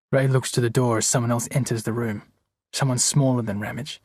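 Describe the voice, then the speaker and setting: A man narrating an audiobook in a steady, measured way. His voice is husky, and the recording is dry. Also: medium pitch, no room sound. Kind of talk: scripted narration.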